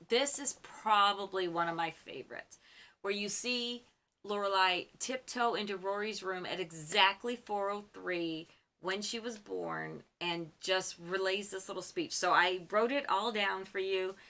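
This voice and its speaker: Bright-voiced chatty woman recapping episodes. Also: medium pitch, measured pace. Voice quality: chatty and gushing. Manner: frequent ums and self-corrections. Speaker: fan channel host. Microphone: on camera.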